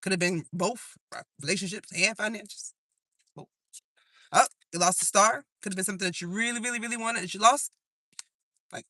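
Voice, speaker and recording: A man's voice: high voice, brisk, long pauses, pushed and bright. A man giving a live tarot reading to his audience, casual and profane, laughing at his own jokes as he talks through the cards. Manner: breaks into singing old songs. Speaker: tarot reader.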